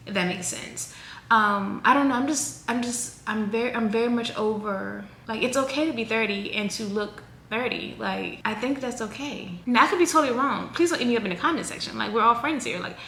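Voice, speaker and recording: A woman in her thirties talking casually to camera in a chatty, rambling, animated way. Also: fairly high pitch, normal speed. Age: 30s. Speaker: vlogger. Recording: echoey room with faint noise.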